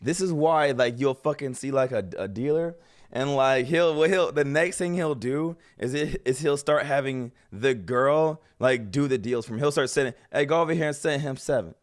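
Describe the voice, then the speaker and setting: A man giving casual, animated reaction commentary as a streamer, slangy and swearing freely. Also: mid-range voice, moderate pace.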